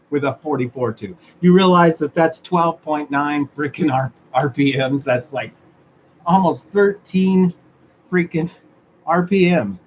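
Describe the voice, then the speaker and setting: A man talks casually in a somewhat high voice, full of sarcasm and easy laughter. The recording is muffled and lo-fi, with a faint hiss of noise behind him. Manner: sarcastic, laughs often, swears freely. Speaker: host of a motorized bicycle talk show. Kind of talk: casual solo chat. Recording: dull lo-fi sound with faint background noise.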